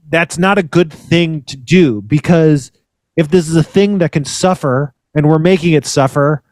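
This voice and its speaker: Guy podcasting, kinda high voice, rambly and sweary, dry close mic. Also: dry recording. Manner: rambling, swearing, self-interrupting. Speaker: podcast co-host. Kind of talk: casual podcast chat.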